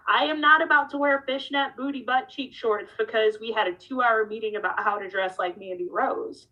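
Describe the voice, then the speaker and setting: A woman's voice: fairly high pitch, a little fast, few pauses, highs cut off. A woman in her thirties, a professional wrestler, giving a candid interview and telling her story animatedly, acting out the dialogue. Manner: animated, acts out dialogue with shifting tone.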